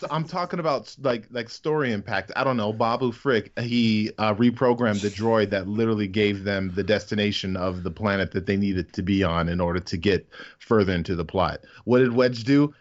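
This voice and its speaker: A man co-hosting a casual podcast, excitable, swearing often and acting out quotes in a higher voice. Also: fairly quick, highs cut off. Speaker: podcast co-host. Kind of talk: casual chat.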